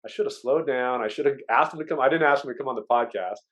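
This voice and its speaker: A man chatting as a podcast guest, telling lively stories and acting out what people said. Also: medium pitch, fast. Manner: lively storyteller who acts out quotes. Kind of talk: casual chat.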